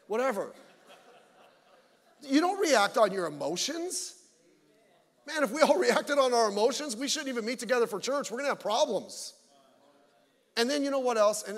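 A man's voice: very high voice, sing-song, moderate pace, pauses often, fairly bright tone. A man pastor preaching a sermon to his congregation, blunt and joking, with mocking asides. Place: church sanctuary. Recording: long church hall reverb.

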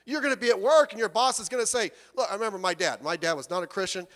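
A male pastor preaching a sermon in a church, animated and conversational, acting out the people he quotes and swinging from soft asides to loud outbursts. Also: sits high, quick pace, in a large hall.

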